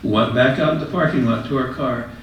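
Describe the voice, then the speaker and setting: A man's voice: mid-range voice, brisk, a little hiss or hum. Man telling a story in an echoey room. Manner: conversational, animated retelling. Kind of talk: told personal story to an audience. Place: retirement residence common room. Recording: echoey room, mic far off.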